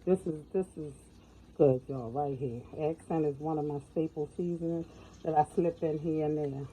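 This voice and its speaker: A woman's voice: low voice, fairly even intonation, moderate pace, noisy background. A middle-aged woman giving a folksy, chatty cooking tutorial in her home kitchen, often calling out to viewers as y'all. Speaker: home cook.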